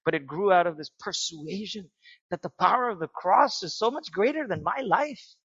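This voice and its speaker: A man preaching a sermon in an earnest way that builds to excited emphasis. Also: high-pitched, normal speed, husky, no room sound, muffled recording. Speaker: pastor.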